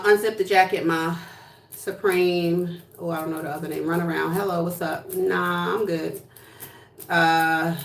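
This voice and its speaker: A woman from New Jersey with a lowish voice chats casually on a livestream from a room at home, sassy, blunt, and swearing plenty. She's off-mic and at a distance, so her voice echoes around the room with a little hiss or hum.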